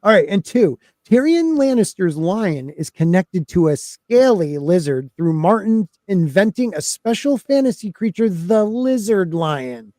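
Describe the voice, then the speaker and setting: This is a man hosting a casual podcast, reading fan theories aloud and hamming them up. His voice sits high but sounds soft and mellow. It is recorded close and dry, with little room sound. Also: very animated, unhurried, few pauses, dry recording. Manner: playful, laughing, reads aloud with put-on emphasis.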